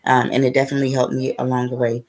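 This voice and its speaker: This spiritual vlogger races through a rambling, casual story in a very deep, darkish voice that stays level in tone. She swears without restraint and peppers her talk with "okay?" and "right?" The audio is poor.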